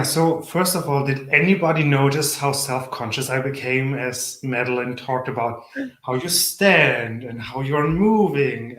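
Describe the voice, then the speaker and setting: A man's voice: medium pitch, a bit bright. A man hosting a live-stream interview, playful and self-deprecating as he asks his guest questions. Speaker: host. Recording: echoey room.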